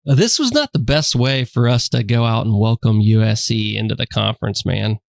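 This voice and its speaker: A man's voice: fairly low pitch, lively intonation, fairly quick, gravelly, no echo. A man co-hosting a sports podcast, chatting casually in a laid-back, joking, slangy way. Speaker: podcast co-host.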